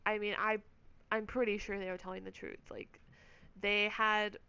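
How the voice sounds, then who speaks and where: A woman's voice: medium pitch, level tone, normal speed, bright, forceful tone, clear, resonant tone. A woman gamer vlogger telling a story in a casual, rambling rant, swearing often and filling her speech with "like". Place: at home.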